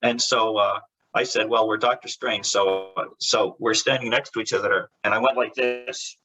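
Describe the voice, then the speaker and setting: A man with a husky, slightly breathy voice and a sharp, bright edge to it, giving a casual interview as a comic book artist. He rambles through his anecdotes, restarting sentences and laughing as he goes, and briefly puts on the voices of the people he describes. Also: on the low side, steady tone, moderate pace, faint music behind, poor audio.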